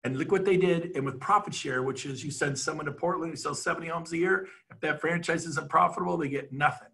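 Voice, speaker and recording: Middle-aged man, punchy and bright, a little husky, rambling excitable pitch on a video call. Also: fast. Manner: excitable, rambling, laughs at himself. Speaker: real estate team leader.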